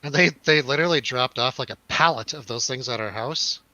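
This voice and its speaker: Young male co-host, animated storyteller, bright tone, dry close mic. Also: mid-range voice, fairly quick, no echo, highs cut off. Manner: animated storyteller, swearing, acts out quotes. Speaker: podcast co-host. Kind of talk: casual chat.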